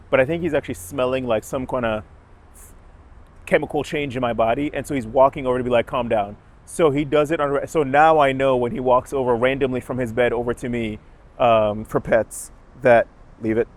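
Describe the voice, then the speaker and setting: Rambling young man on a city street. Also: mid-range voice. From Jamaica. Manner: rambling, self-correcting storyteller. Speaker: dog owner. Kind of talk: casual chat.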